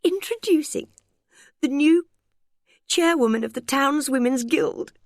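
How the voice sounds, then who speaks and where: A woman voicing an excitable friend who squeals and giggles at jokes. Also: normal speed, vocal fry, slightly rough, no echo, clean studio sound, full character voice. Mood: giggly. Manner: high, squealing with mirth.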